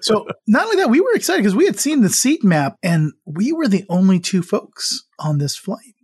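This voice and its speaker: A man's voice: sits high, sing-song, moderate pace, darkish tone, husky, no room sound, studio quality. A man co-hosting a podcast in casual chat, laughing often and restarting his sentences. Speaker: podcast co-host.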